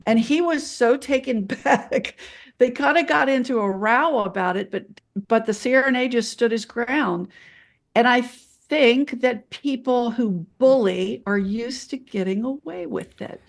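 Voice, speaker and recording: A woman co-hosting a candid podcast conversation, a blunt and animated storyteller. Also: on the high side, measured pace, vocal fry. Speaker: podcast co-host, nurse anesthetist.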